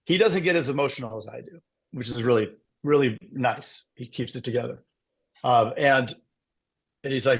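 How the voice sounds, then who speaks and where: A middle-aged man giving a casual motivational talk to insurance agents, telling his story with lively asides. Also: fairly high pitch, fairly quick. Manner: animated storytelling with frequent "right?" asides. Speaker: business speaker presenting to agents.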